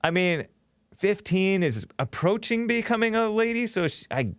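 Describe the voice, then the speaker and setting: A man's voice: sits high, expressive, moderate pace, clear, resonant tone, no room sound, studio quality. A man hosting a talk show, giving sarcastic, rambling commentary, laughing often at his own remarks.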